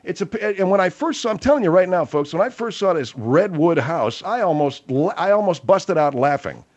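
Male talk radio host: exasperated, emphatic, animated delivery, slightly muffled sound. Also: high voice, fairly quick.

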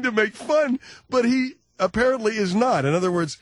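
A man's voice: sits high, brisk, few pauses. A man hosting talk radio, rambling through a sardonic, self-mocking comic monologue into a studio microphone. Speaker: radio talk show host.

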